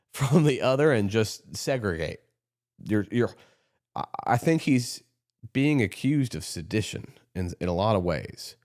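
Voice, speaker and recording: A man's voice: fairly low pitch, darkish tone. A man hosting a podcast, talking in a rambling, heated political monologue with frequent restarts. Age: adult, runs his own company. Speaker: podcast host.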